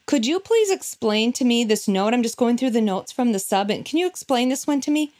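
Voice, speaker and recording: A male art teacher, stern but quietly amused, stops and starts as he asks for an explanation, as a woman puts him on. The voice sits fairly high and moves around a lot. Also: expressive, a little fast, natural voice. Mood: puzzled.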